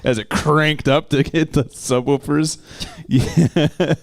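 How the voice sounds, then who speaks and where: A man's voice: on the high side, fairly even intonation, slow, vocal fry. A man co-hosting a music stream, chatting casually and laughing often. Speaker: co-host. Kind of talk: casual chat.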